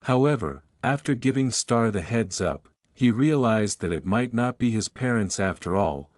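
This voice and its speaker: A man reading a fan-fiction story aloud as narrator, in a flat, even storytelling manner. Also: medium pitch, moderate pace, dry recording, clean studio sound.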